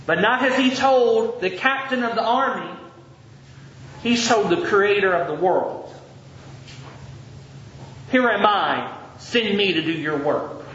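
A high-voiced male pastor gives a sermon, slowing and stretching his phrases as he reads scripture. He turns to the congregation with direct questions. The recording is roomy and a bit dull, with a faint hiss beneath it. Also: fairly bright tone. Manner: reads scripture aloud with emphatic, drawn-out phrases. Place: church sanctuary.

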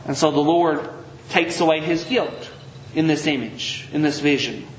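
A high-voiced male pastor gives a sermon, slowing and stretching his phrases as he reads scripture. He turns to the congregation with direct questions. The recording is roomy and a bit dull, with a faint hiss beneath it. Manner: reads scripture aloud with emphatic, drawn-out phrases. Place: church sanctuary.

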